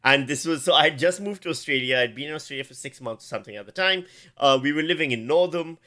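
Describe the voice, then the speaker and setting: A man's voice: fairly high pitch, fast talker, bright, forceful tone. A middle-aged man from Pakistan, a comedian co-host in casual chat, often laughing at himself. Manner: laughs often, self-deprecating.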